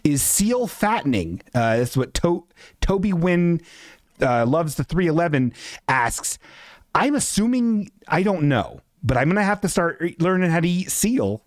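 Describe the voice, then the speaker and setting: A man's voice: a little high, big pitch swings, unhurried, no room sound, clean studio sound. Rambling, self-mocking man hosting a comedy stream. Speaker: host. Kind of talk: casual comedy talk on a live stream.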